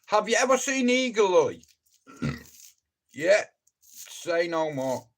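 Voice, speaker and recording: A man's voice: high voice, very animated, takes it slowly, creaky. A man hosting a live stream, rambling through stories in casual chat and swearing freely as he talks straight to his viewers. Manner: profane, rambling storyteller who addresses viewers directly. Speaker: livestream host.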